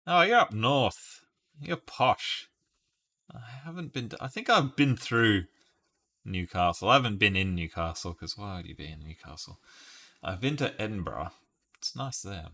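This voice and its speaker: A man's voice: low voice, animated, moderate pace, vocal fry, pushed and bright. An Australian man in casual live-stream chat, playfully musing through guesses and laughing often with his viewers. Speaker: streamer solving word puzzles live.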